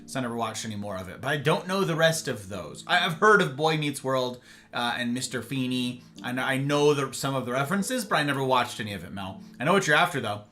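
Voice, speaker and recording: Streamer host, male, bright tone, animated rambling chat, faint guitar underneath. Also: mid-range voice, fast talker. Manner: rambling, animated, acts out little dialogues. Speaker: livestream host. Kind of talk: casual chat with live viewers. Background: faint guitar music.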